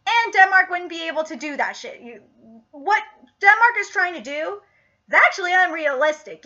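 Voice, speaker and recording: A woman reviewing a TV episode in a casual, rambling, profane way, getting excited as she goes. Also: extremely high pitch, lo-fi sound.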